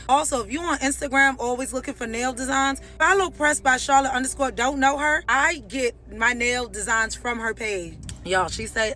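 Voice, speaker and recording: A woman telling a long personal story to camera in an animated, dramatic way, acting out the people she talks about. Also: high-pitched, a little fast.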